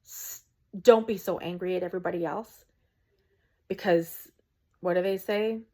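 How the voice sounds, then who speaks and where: A woman's voice: lowish voice, steady tone, normal speed, dark tone. A woman, a small content creator, talking to camera from home in an earnest, preachy rant with frequent ums.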